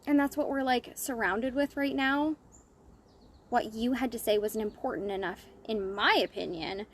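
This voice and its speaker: A woman's voice: a little high, moderate pace, a little hiss or hum. A woman business coach talking straight to her audience in a blunt, profane, fired-up monologue. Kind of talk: impassioned monologue to camera.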